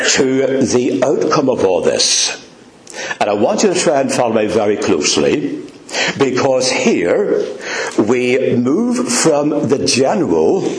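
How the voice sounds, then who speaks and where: A man preaching a sermon, slow and emphatic, leaning hard on key words and drawing them out. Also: mid-range voice. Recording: echoey room.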